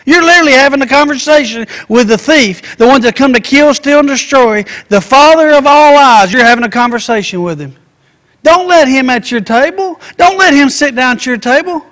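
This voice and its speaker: A man's voice: very high-pitched, animated, brisk, a bit bright. A man preaching a sermon, asking rhetorical questions and acting out everyday voices. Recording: echoey hall reverb.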